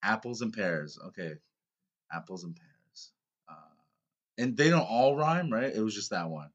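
A man's voice: on the low side, lively intonation, a little slow, dull audio. A man chatting casually during a guessing game, playful and joking, laughing often. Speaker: game player. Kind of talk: casual chat.

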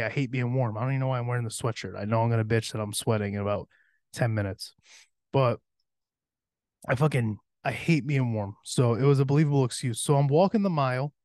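A man's voice: mid-range voice, a little mellow, dry recording, studio quality. A young man hosting a podcast, telling a rambling, profanity-laced story from his teen years and laughing along. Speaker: podcast host. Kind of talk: casual storytelling.

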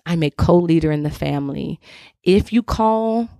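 A woman's voice: deep voice, moderate pace, creaky, dark tone, dry recording, clean studio sound. Woman preaching frank marriage advice. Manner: direct, preachy, emphatic coaching; informal, addresses listeners as y'all. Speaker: podcast host. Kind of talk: faith-based advice talk to wives.

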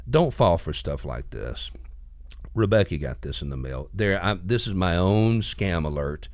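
A man's voice: sits low, a little slow, no echo, studio quality. Man hosting a radio talk show. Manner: animated storyteller acting out comic strip voices. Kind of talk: casual on-air talk.

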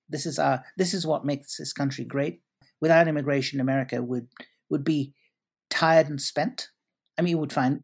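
A man answering interview questions at length, articulate and elaborate, often restarting his sentences. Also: on the high side. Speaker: guest commentator.

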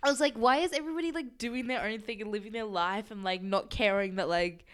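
A woman's voice: mid-range voice, steady tone, a little fast, smooth. A young woman co-hosting a casual chat, talking in a loose, chatty way full of "like" and frequent laughter. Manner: chatty, heavy use of "like", laughing often. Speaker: podcast co-host.

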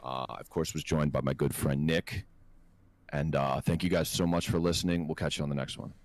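Male podcast host, deep voice, dry close mic, rambling and profane. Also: a little fast, no room sound. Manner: profane, rambling, animated when quoting others. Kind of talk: casual storytelling chat.

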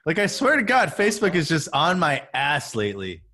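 A man's voice: a little high, huge pitch swings, fairly quick, sharp tone. A man hosting a podcast in casual chat, rambling with restarts and chuckles. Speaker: podcast host.

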